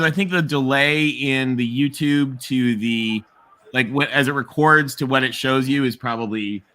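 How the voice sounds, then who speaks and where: A man's voice: medium pitch, sharp tone. A man hosting a livestream, chatting casually about college football, laughing often and rambling with restarts. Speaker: livestream host. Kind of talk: casual sports chat.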